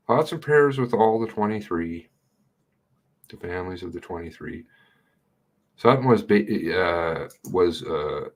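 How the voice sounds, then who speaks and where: Middle-aged male streamer, deep husky voice, blunt and sarcastic, swears freely. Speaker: livestream commentator. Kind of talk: casual running commentary.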